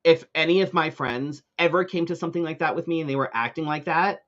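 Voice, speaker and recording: A man's voice: fairly high pitch, fast, fairly bright tone, highs cut off. A man co-hosting a live talk show, telling a ranting story in casual chat, full of fillers and swearing.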